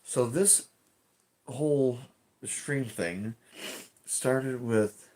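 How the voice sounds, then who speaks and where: A man's voice: medium pitch, drawn-out words, darkish tone. A man streaming from home, chatting casually and rambling, swearing often and restarting his sentences. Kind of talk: casual live-stream chat.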